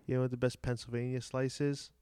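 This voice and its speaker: A man's voice: medium pitch, level tone, fast talker, warm tone, clear, resonant tone, no echo, studio quality. A man chatting casually on a podcast, telling eager stories and laughing along. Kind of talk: casual chat.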